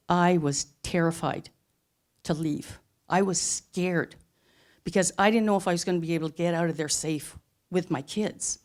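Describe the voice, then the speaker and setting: A woman's voice: fairly low pitch, a little mellow. A middle-aged woman telling a personal story live on a theatre stage, earnest and emphatic. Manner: earnest, emphatic, plain-spoken.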